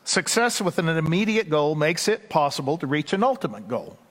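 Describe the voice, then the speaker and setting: Texan preacher in a reverberant hall. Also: male voice, fairly high pitch, sing-song. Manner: conversational, folksy, with asides and quick bursts. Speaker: pastor. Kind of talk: sermon.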